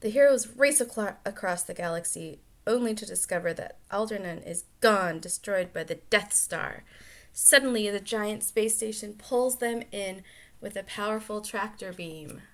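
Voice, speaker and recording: A woman reading a children's storybook aloud as a storytelling aunt, lively, stopping for chatty asides and quick self-corrections. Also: medium pitch. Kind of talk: reading a picture book aloud.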